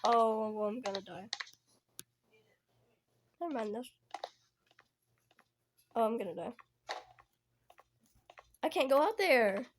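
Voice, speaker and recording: A woman's voice: on the high side, expressive, takes it slowly, long pauses, a little hiss or hum. A young woman giving panicky, jumpy commentary while playing a horror game, bursting into screams and repeated cries. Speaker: gamer recording a horror game. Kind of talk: reactive gameplay commentary.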